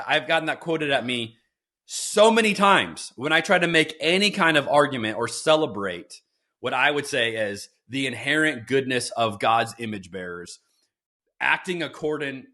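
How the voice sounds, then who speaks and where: Podcast co-host, middle-aged man, earnest and lively, pitch swinging widely. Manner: earnest, animated, quotes and mimics voices. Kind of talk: conversational theology podcast.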